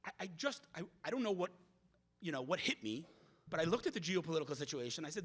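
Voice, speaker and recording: A middle-aged man giving a speech at a community event, telling stories in an animated way, with frequent restarts and repeated words. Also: fairly high pitch, quick pace, husky. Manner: animated storyteller who acts out quoted voices. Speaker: guest speaker.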